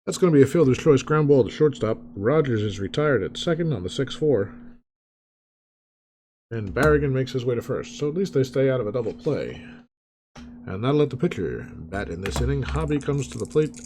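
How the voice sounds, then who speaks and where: A man hosting a tabletop baseball replay, calling each dice roll like a play-by-play announcer, with relaxed, chatty asides. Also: mid-range voice, fairly quick, slight background noise.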